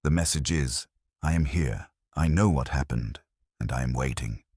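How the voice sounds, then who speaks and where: A man voicing a cool, guarded middle-aged spy with a faint German accent, measured and cryptic. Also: extremely low pitch, darkish tone, husky, dry recording, studio quality.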